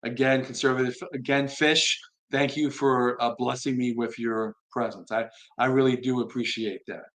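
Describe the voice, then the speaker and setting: A man hosting a live stream, reading viewer comments aloud and answering them in an earnest, unhurried way. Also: medium pitch, steady tone. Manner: earnest, soft-spoken, admits being slow tonight.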